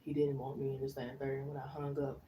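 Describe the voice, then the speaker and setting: A woman's voice: extremely low pitch, completely flat delivery, fast talker, mellow, recorded from a distance, a little hiss or hum, poor audio. A woman tarot reader in casual live-stream chat, telling slangy stories and laughing often. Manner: chatty, slangy storytelling with frequent laughs.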